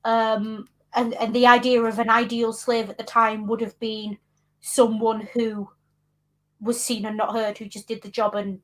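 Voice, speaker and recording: Frank woman, slightly high voice. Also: flat delivery, unhurried, a bit bright. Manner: frank, wry, explains history with emphatic asides. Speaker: co-host. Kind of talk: casual chat commentary.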